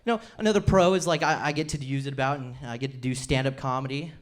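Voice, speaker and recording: A young man from Utah performing a stand-up comedy set on a club stage with a handheld mic. He is chatty and self-deprecating, and he slips into quick impressions of his family. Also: mid-range voice, fairly even intonation, a little hiss or hum. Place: comedy club stage before a laughing audience.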